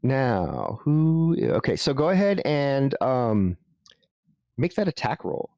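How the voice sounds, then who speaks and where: A man running a tabletop game as game master, explaining rules in a halting way with frequent restarts. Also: mid-range voice, huge pitch swings, a little mellow, no room sound, highs cut off.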